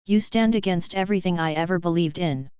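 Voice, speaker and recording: A woman's voice: fairly low pitch, a little fast, darkish tone, clear, resonant tone, no echo, lightly acted. A woman reading a story, voicing a heartbroken young woman who pleads tearfully with her husband, on a dull lo-fi recording. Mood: pleading.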